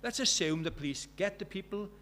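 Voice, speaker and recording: A man's voice: sits high, expressive, brisk, bright, forceful tone, slight background noise. A middle-aged British man delivers a sermon in a slightly raised voice. He tells stories and plays the people in them, then presses his listeners with rhetorical questions. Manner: storytelling, acting out dialogue, rhetorical questions. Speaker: preacher.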